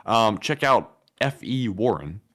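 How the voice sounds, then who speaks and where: Laid-back, low-voiced male co-host. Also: animated, slow, fairly bright tone. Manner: laid-back, reads donations, dry jokes. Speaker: co-host and chat moderator. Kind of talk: casual livestream chat.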